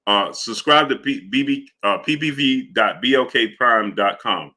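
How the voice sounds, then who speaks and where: Bright-voiced combative stream host. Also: male voice, medium pitch, moderate pace. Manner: combative, challenges chatters, shouts out viewers. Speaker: boxing livestream host. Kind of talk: live-stream chat, reading donations.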